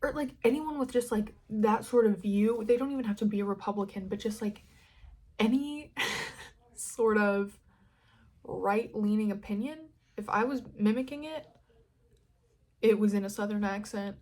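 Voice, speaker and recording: A woman's voice: medium pitch, normal speed. A young woman from California with a Californian American accent, hosting a casual solo podcast and rambling candidly with plenty of swearing. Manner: rambling, candid, sweary, dramatic swings in loudness. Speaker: podcast host.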